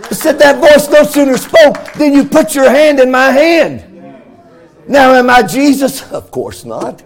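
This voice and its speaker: A middle-aged pastor, preaching a fervent sermon in a sing-song cadence that swells into shouts. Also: male voice, extremely high pitch, sing-song, a little slow, creaky.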